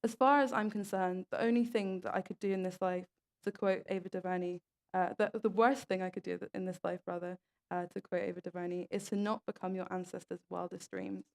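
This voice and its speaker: A woman's voice: mid-range voice, a little mellow. Earnest woman reading stories aloud. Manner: earnest, with small stumbles and restarts. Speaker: speaker at an event.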